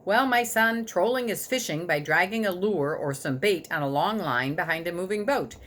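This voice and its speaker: Woman reading a calm dad explaining stuff, low-ish easy voice, lots of lilt. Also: moderate pace. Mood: patient, explaining. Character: patient, teasing fisherman dad. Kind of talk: storybook read-aloud.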